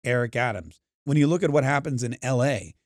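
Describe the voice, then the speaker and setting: A man's voice: medium pitch, animated, a little fast, dry recording, studio quality. A man giving an emphatic, opinionated monologue, acting out the voices of the people in the story he tells. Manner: emphatic, acts out quoted crowds. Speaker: podcast host.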